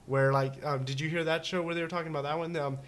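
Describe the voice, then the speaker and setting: A man's voice: a little high, fairly even intonation, fast, a crowd in the background. A man co-hosting a casual talk show, rambling and joking with many restarts and fillers. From United States. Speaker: podcast co-host. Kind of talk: casual chat.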